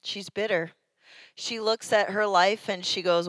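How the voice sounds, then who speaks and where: A woman pastor delivering a sermon, telling the story in a conversational, animated way. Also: mid-range voice, measured pace, smooth, no room sound.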